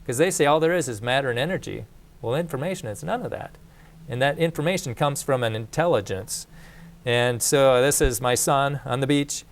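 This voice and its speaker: Speaking briskly in a mid-range voice, a man delivers a relaxed faith-course lecture. He keeps it conversational and plain, restarting sentences, repeating himself, and wandering into asides.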